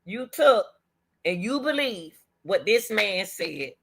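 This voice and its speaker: A middle-aged woman hosting her own commentary channel, with a bright, forceful voice. She repeats her points over and over and cries out to the Lord as she speaks. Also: mid-range voice, big pitch swings, slow pace, vocal fry, slightly rough. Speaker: commentary host and track coach. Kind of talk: emotional commentary talk.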